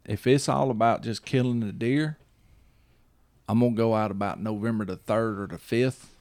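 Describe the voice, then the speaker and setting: A man's voice: on the low side, fairly even intonation, normal speed, darkish tone, dry recording. A man hosting a casual chat, rambling and repeating himself while he checks that the listener follows. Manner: rambling, repeats himself, checks in with "you see what I'm saying".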